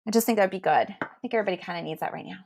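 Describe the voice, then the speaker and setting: A woman's voice: mid-range voice, rapid-fire, creaky, noisy background. A woman giving spiritual readings on a casual livestream, chatty and reassuring, who laughs often and speaks into a computer mic at home. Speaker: tarot reader on a livestream.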